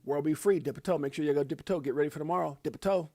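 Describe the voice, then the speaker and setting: A middle-aged man hosts a live stream, reeling off shout-outs to his viewers. His voice sits slightly high, and his delivery is animated and joking, with drawn-out hype calls. The sound is close and dry, with no room around it. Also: dry recording. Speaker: livestream host.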